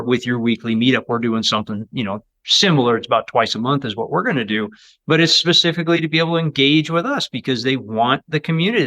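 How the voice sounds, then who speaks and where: A man with a bright, forceful voice talks in a casual podcast conversation. He comes across as keen and reflective, and his pitch sits in the middle for a man. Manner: enthusiastic, agreeing, reflective. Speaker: podcast co-host.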